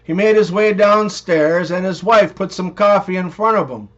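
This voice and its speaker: A man reading one-liners and joke stories in an even, unhurried way. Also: high voice. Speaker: joke narrator. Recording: dull, muffled recording.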